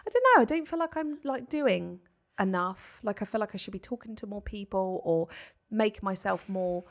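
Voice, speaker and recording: A young woman with a medium-pitched voice, speaking at a normal pace, co-hosts a podcast. In casual conversation she tells a story with animated energy, performing the voices of the people she quotes.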